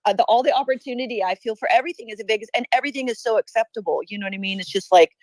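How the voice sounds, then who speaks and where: A woman's voice: fairly high pitch, very fast, dry recording. A woman speaking as a guest on a casual podcast, chatty and enthusiastic, leaning on fillers like "you know what I mean".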